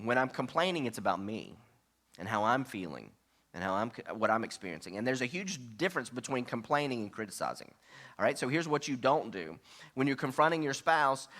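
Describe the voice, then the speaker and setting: A man's voice: medium pitch, fairly bright tone. A man pastor delivering a sermon in a conversational way, often checking in with the congregation and acting out example quotes. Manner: acts out sample quotes in shifting voices.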